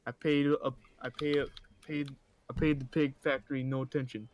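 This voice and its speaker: A man's voice: medium pitch, flat delivery, moderate pace, a little mellow. Stumbling, laughing male storyteller. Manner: laughs often, stumbles over words, mock-insulting asides. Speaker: host reading stories aloud. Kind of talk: casual reading of stories with commentary.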